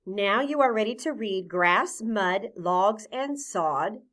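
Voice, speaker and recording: A woman teaching a phonics lesson to young children, patient and clear, sounding out each letter sound deliberately. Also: mid-range voice, expressive, fairly bright tone.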